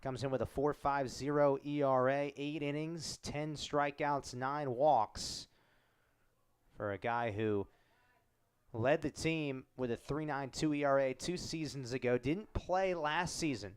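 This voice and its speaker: Smooth-voiced man calling baseball play-by-play. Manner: calls each pitch in short measured phrases. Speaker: play-by-play announcer. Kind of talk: live baseball play-by-play commentary.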